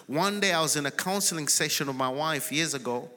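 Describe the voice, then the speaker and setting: A man, a pastor, preaching a sermon in a large church and building to shouted declarations. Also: fairly high pitch, brisk, few pauses, long reverb tail. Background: congregation responding.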